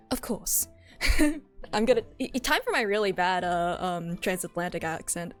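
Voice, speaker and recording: A woman's voice: on the low side, lively intonation, a little slow, faint music behind. A woman streamer chatting casually in giggly, chatty asides while she voices a game. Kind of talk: casual stream chat between read lines.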